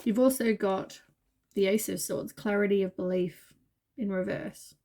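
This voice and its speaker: A woman's voice: mid-range voice, measured pace, dark tone. Tired, rambling woman reading tarot. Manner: meandering, full of fillers, reassuring. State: tired, yawning. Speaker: tarot reader.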